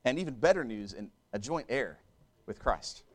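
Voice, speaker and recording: A man's voice: mid-range voice, animated, moderate pace. A man preaching a sermon in a conversational way, repeating and restarting phrases and turning to the congregation with asides.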